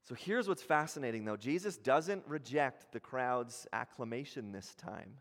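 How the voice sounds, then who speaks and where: A pastor gives an animated sermon, playing out what a crowd might say and breaking off to restart again and again. His voice is medium-pitched and a little slow, and the recording has a big-room sound.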